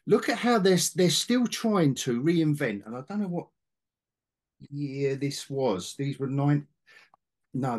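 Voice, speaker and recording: A middle-aged man hosting a casual podcast chat about comics, rambling with restarts and asides. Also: mid-range voice. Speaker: podcast host, comic collector.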